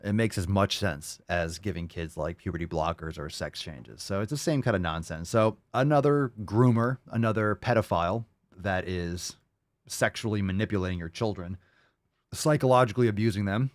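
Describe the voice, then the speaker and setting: A man's voice: sits low, moderate pace, dry recording, clean studio sound. A man hosting a commentary show, ranting crudely and mocking his subject with sarcasm. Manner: crude, mocking, sarcastic rants with mock voices. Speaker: show host.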